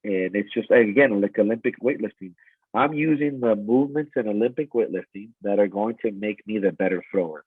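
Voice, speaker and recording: A man's voice: on the low side, a little fast, husky, no room sound. A man in his forties, a strength coach, talking intensely and profanely in a podcast interview. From United States. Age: 40s. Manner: intense, profane, animated storytelling. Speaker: strength coach and gym owner. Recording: tinny phone-like line.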